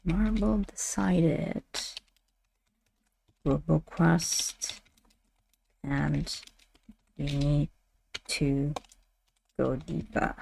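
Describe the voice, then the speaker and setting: A woman's voice: sits low, steady tone, extremely slow, creaky, long pauses, warm tone, slight background noise. A woman streamer giving playful announcer-style live commentary, repeating her phrases as she goes.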